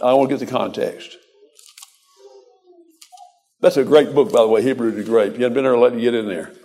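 A man's voice: medium pitch, fairly even intonation, fairly quick, mellow. An older man preaching a folksy, exhorting sermon, quoting scripture in a rhythmic cadence.

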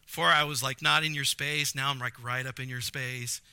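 A man preaching a sermon, animated, with jokey asides and emphatic repetition. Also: medium pitch, moderate pace, creaky, clean tone, dry recording. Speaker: pastor.

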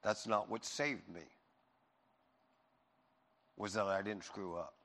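A man preaching a sermon, moving between loud emphatic passages and soft, intimate reassurance. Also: lowish voice, steady tone, takes it slowly. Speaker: pastor. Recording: long hall reverb.

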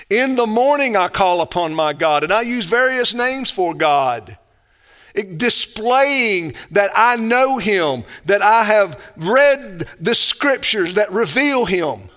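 A man preaching a sermon, emphatic and deliberate, rising to loud stresses and dropping to quiet asides. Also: sits high.

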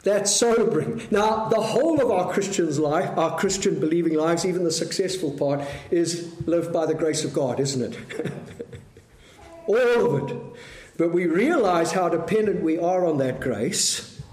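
A man preaching a sermon, measured and full of rhetorical questions to the congregation. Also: a little high, darkish tone, roomy sound.

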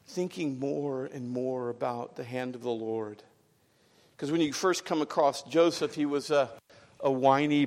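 A man preaching a sermon as pastor, rising to loud emphatic peaks and dropping to hushed lines. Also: a little high, big-room sound. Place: church sanctuary.

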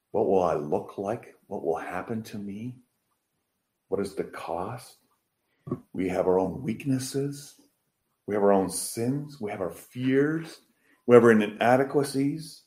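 A man preaching a sermon as pastor, rising to loud, emphatic pleading and then dropping back to soft, quiet talk. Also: low-pitched. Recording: roomy echo.

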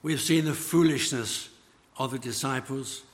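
A man preaching a sermon, slow and emphatic, letting phrase ends fall away. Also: mid-range voice, slight background noise. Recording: long church reverb.

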